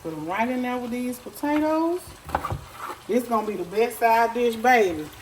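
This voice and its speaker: A woman's voice: on the high side, expressive, normal speed, noisy background. A woman, chatting folksy and direct to viewers as she cooks at home. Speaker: home cook. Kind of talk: casual cooking tutorial. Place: home kitchen. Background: faint sizzling pan.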